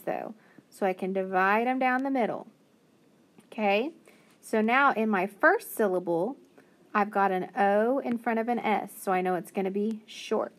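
A woman teacher giving a phonics lesson to young children, patiently sounding out each word. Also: medium pitch. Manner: slow, patient, sounding out words.

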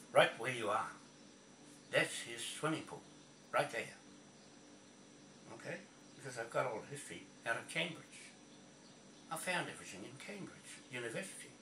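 A man's voice: medium pitch, recorded from a distance, background noise. Blunt, profane man ranting in an echoey room. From New Zealand. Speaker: video blogger. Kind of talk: angry ranting monologue.

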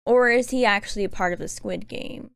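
A woman in her twenties, chatty and excitable, giving casual reaction commentary. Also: medium pitch, gravelly, no echo. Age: 20s. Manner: chatty, excitable, quick to laugh. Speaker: reaction streamer.

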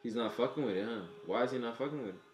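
A man giving casual, profane reaction commentary while he watches an anime, excitable and thinking out loud. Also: mid-range voice, racing, echoey room.

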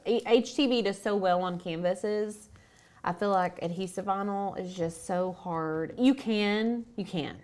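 A woman co-hosting a craft lesson, keeping things light and upbeat with quick bursts of praise and practical tips. Her voice rests at a middle pitch for a woman, with an easy, conversational tone. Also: darkish tone. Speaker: co-host. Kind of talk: casual chat.

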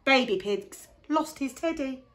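A woman reading aloud, voicing an eager young boy piglet in a high, urgent voice. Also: lively intonation, unhurried, fairly bright tone. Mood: worried.

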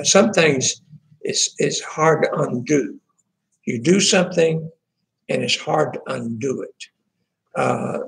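A pastor talks his congregation through prayer requests in a homey, halting manner, full of fillers and restarts. His voice has a gravelly edge. He takes his time. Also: fairly high pitch, poor audio. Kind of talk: informal church prayer-request talk.

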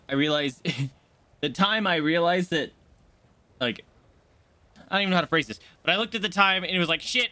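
Lively bright-voiced male game streamer. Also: medium pitch. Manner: chatty, excitable, greets chat viewers. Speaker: gaming streamer. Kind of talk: casual live-stream chatter over gameplay. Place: home streaming setup.

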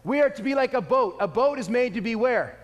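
Brief: male preacher, high-pitched and animated, long church-hall reverb. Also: a little fast, muffled recording. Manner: animated, acting out little scenes. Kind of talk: sermon.

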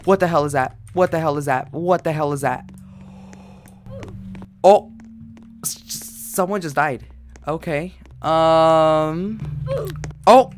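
A man's voice: fairly high pitch, a little slow, a little hiss or hum. A male gaming YouTuber giving jumpy horror gameplay commentary, repeating frightened exclamations.

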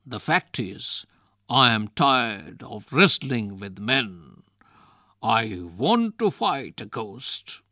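A man reading aloud and voicing a boastful young male wrestler who taunts a ghost in a loud, drawn-out way. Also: medium pitch, sing-song, dry recording, studio quality, full character voice. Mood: taunting.

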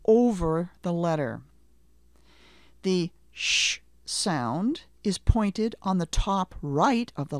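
A patient middle-aged woman leads a slow language lesson, drawing out each sound for the listener to copy. Her voice sits low, but it rises and falls a lot as she stresses each word. The sound is close and dry, with no room around it. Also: dry recording. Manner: patient, deliberate, stretches out letter names for the listener to repeat. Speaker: Hebrew teacher. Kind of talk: slow, careful language lesson with repetition drills.

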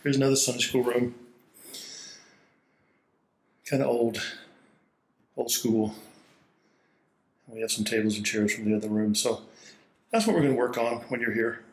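A man's voice: mid-range voice, fairly quick, long pauses. Man, pastor, walking church tour, chatty, out of breath, laughs a lot, laptop mic, indoors. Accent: Hawaii. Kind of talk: casual walking video tour. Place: small church building indoors. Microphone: laptop held while walking.

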